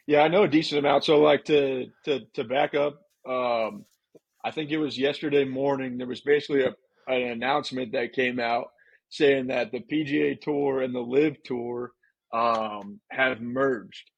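A man's voice: mid-range voice, steady tone, moderate pace, vocal fry, slightly rough, no room sound, lo-fi sound. A man co-hosting a podcast, telling stories in a laid-back, chatty way. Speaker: podcast co-host. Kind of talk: casual chat.

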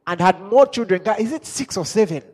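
A man preaching a sermon as an apostle, chuckling and asking himself questions as he builds from quiet musing to shouted exhortation. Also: high voice, animated, brisk. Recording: long hall reverb.

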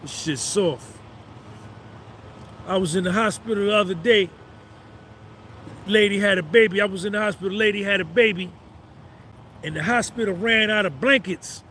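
A man in his fifties brags through a motivational rant on a live phone stream, with a fairly high voice. He swaggers and hammers each point by repeating it. Faint street traffic hums behind him outdoors. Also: brisk, long pauses, bright, forceful tone. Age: 50s. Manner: swaggering, repeats phrases for emphasis. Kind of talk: boastful motivational monologue.

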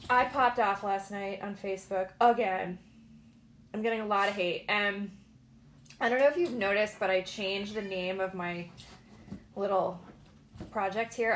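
A woman's voice: medium pitch, slight background noise. A woman in her late thirties hosting a casual solo podcast from home, blunt, sarcastic and defiant. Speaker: podcast host.

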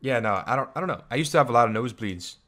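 A man's voice: medium pitch, expressive, racing, sharp tone. A young man co-hosting a podcast in casual chat, hesitant and stumbling over his words with plenty of fillers. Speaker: podcast co-host.

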